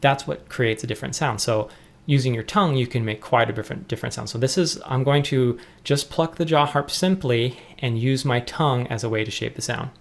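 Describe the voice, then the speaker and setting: A young adult man teaching jaw harp technique in a relaxed, explanatory way, often restarting his sentences. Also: medium pitch, a little fast, gravelly. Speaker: music teacher. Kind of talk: instructional tutorial.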